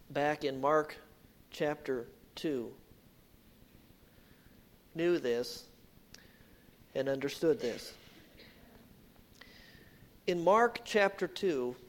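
A man preaching a sermon, dropping to hushed low phrases and then rising loud and emphatic. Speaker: pastor.

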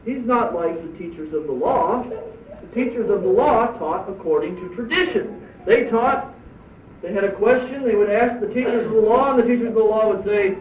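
A man's voice: high-pitched, normal speed, slight background noise. A man giving a sermon as a pastor, preaching emphatically with rhetorical questions. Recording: echoey distant dull church recording.

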